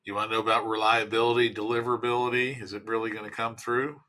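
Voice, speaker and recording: A man hosting a podcast, asking questions in a measured, conversational way. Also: on the low side, little pitch movement, pushed and bright. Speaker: podcast host. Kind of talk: interview questions.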